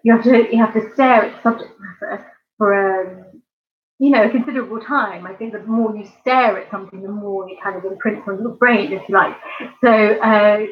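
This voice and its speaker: Speaking with a southern English accent, a woman from near London hosts an art channel live stream, rambling casually to viewers with plenty of ums and giggles. Her mid-range voice has fairly even intonation and a fairly quick pace, with the highs cut off.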